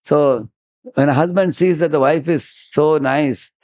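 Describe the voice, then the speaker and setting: A man with an Indian English accent gives a devotional lecture, telling stories in an animated way and prompting listeners with "huh?". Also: fairly high pitch, measured pace, dry recording. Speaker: spiritual teacher giving a lecture. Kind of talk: devotional sermon with storytelling.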